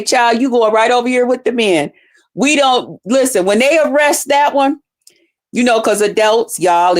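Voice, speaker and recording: A woman hosting a livestream, ranting heatedly and profanely while talking straight to her viewers. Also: fairly high pitch. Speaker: livestream host. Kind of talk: casual livestream rant.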